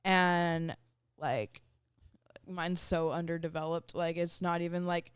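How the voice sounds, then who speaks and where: A woman's voice: lowish voice, fairly even intonation, takes it slowly, clean tone, no echo, studio quality. A young woman, a metal singer guesting on a podcast, chatting casually with many fillers.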